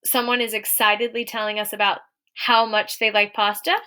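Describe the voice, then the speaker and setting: A young adult woman gives a recorded lesson to young children, reading example sentences slowly in a clear, encouraging way. Her medium-pitched voice stays level in tone, with a pushed, bright quality.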